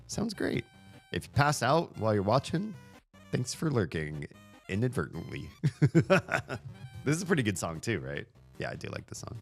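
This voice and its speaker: A man chatting casually while streaming a game, telling rambling stories. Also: on the low side. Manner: rambling storytelling with fillers.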